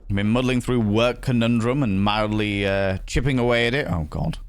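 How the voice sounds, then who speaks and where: A man's voice: medium pitch, moderate pace, smooth, dry recording. A man giving chatty, playful let's-play commentary, greeting viewers and swearing freely. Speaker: streamer.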